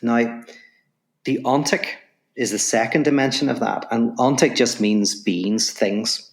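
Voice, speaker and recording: A man, the guest on a podcast interview, talking fast and telling stories while explaining ideas. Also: medium pitch. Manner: animated storyteller, quick explanations. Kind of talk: podcast interview, storytelling and philosophy.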